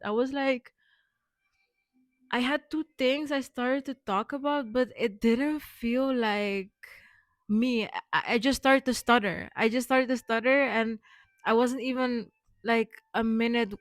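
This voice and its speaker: A woman's voice: on the high side, no echo. Rambling young woman vlogger, dry close sound. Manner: rambling, lots of fillers and restarts, affirming. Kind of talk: rambling personal vlog.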